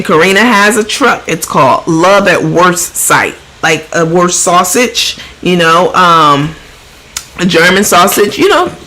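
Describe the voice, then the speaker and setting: A woman's voice: fairly low pitch, bright, forceful tone, rough recording. A woman hosting a casual gossip commentary show, blunt and profane, mocking the people she talks about and mimicking their voices. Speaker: show host.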